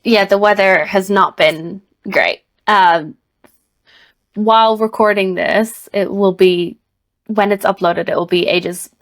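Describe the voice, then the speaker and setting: A woman's voice: mid-range voice, fairly even intonation, slow. Woman, Irish accent, podcast co-host, casual chat, rambling. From Ireland. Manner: chatty, rambling with restarts and laughs.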